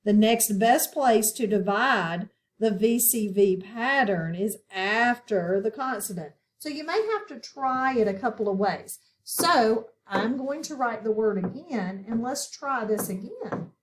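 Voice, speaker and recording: Slow, patient woman teaching phonics. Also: on the high side, lively intonation. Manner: slow, patient, asks questions and pauses. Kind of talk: phonics lesson for children.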